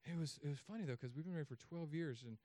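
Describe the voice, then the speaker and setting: Pastor in his thirties, animated storyteller, fairly high voice, dry close sound. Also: quick pace, dry recording. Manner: animated storytelling with sudden loud, high bursts. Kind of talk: sermon.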